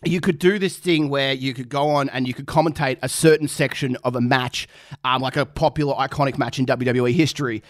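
A man's voice: mid-range voice, brisk, no room sound, studio quality. A young Australian man, a podcast co-host, telling a story with lots of swearing and laughter. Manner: animated, swears freely, laughs through his stories. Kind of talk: casual storytelling chat.

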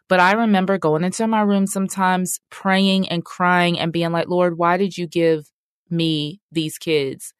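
A woman's voice: on the low side, no echo, clean studio sound. A middle-aged woman, hosting a personal faith talk in a candid, conversational way that speaks straight to her listeners. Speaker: podcast host.

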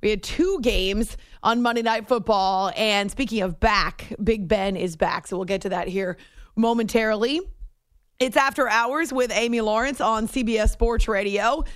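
A middle-aged woman hosting a late-night sports radio show, chatty and animated, in a studio. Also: on the high side, moderate pace, dry recording. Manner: chatty, animated storytelling with laughs and restarts. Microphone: studio microphone.

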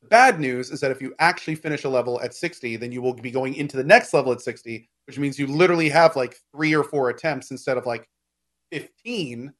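A man's voice: medium pitch, fairly quick, fairly bright tone. A man in casual gaming chat, explaining game mechanics at length with lots of fillers and restarts. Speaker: game discussion co-host.

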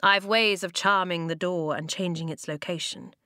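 A woman voicing a calm, steady male tribe leader in a storybook reading, speaking slowly and deliberately. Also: on the low side, no echo, clean studio sound. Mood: urgent, firm. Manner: slow, measured speech.

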